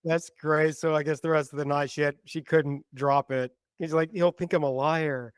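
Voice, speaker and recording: A man's voice: on the high side, moderate pace, clean tone, no room sound. A man co-hosting a podcast, chatting casually and dropping dry jokes. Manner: joking, deadpan quips. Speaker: podcast co-host.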